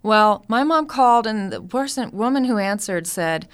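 A woman in her thirties telling a personal family story with lively, animated delivery. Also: mid-range voice, normal speed, clean tone. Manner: lively, animated retelling with acted-out quotes. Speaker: storyteller guest.

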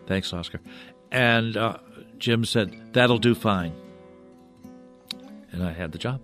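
An older man, a puppeteer, telling stories in a halting, rambling way as a guest in a radio studio. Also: on the low side, a bit bright, soft background music. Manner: rambling, halting, full of restarts. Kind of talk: radio interview storytelling.

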